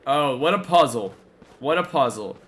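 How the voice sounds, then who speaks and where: A man's voice: medium pitch, animated, normal speed, a bit bright. A man chatting casually while playing a game live, reacting aloud to what happens on screen. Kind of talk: casual gameplay commentary.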